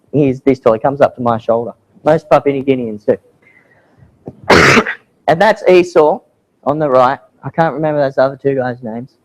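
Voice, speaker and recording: A fairly high-voiced man talks to a church about his mission work. He tells it like a casual yarn, slipping into quoted voices as he goes. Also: poor audio. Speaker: missionary speaker. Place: church hall.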